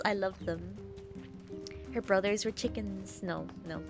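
Woman game streamer, casual chat, rambling, giggly, profane, gravelly fry. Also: mid-range voice, steady tone, measured pace, soft background music.

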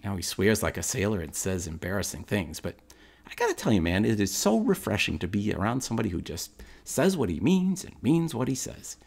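A man's voice: on the low side, wildly swooping pitch, a little fast, gravelly, a little mellow, slightly rough, heavily acted. An actor playing a blunt, streetwise man with a Brooklyn accent, speaking to the audience in a chatty, direct theatrical monologue.

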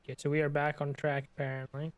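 A man's voice: fairly high pitch, completely flat delivery, fast talker, no room sound. A man giving casual gameplay commentary, with amused, laughing reactions. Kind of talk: casual let's-play commentary.

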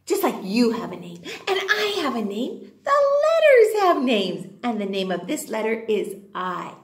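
A woman's voice: medium pitch, very animated, normal speed, echoey room. A woman teaching a kindergarten class, talking to young children in an exaggerated, sing-song way.

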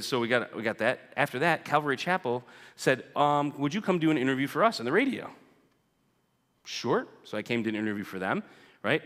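A guest speaker in a church sanctuary tells the congregation a personal story in a chatty way, often tagging on "right?" His voice is medium-pitched and fairly bright, and the big hall adds a long reverb.

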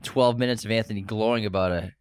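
A male podcast co-host with a fairly low voice jokes and hesitates in relaxed chat. The sound is dry and close to the mic. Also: fast, clear, resonant tone, no room sound. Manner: playful and dithering. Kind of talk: casual chat.

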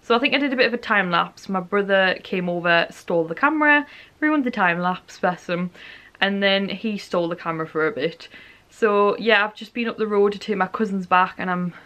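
A woman's voice: mid-range voice, expressive, fairly quick, a bit bright. Young woman rambling to her camera at home, tired, keeps apologising, chatty casual vlog. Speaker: vlogger. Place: at home, indoor room.

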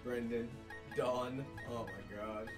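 A man doing let's play commentary as a gaming streamer, excitable, swinging between hushed murmurs and shouts. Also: mid-range voice, takes it slowly. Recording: roomy room, distant mic, game music.

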